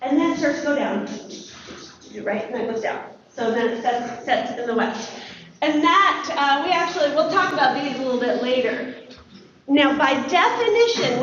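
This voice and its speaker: High-voiced woman teaching a class. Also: a little hiss or hum. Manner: lively, questioning the class and praising answers. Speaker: teacher giving a lesson. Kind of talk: classroom astronomy lesson. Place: school classroom. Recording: echoey classroom from far off, dull.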